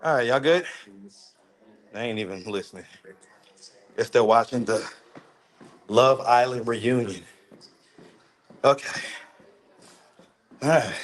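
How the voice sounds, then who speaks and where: A man's voice: medium pitch, slow pace, long pauses. A man chatting casually with viewers on a phone livestream, indoors in his apartment. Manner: chatty, addresses viewers directly, easygoing.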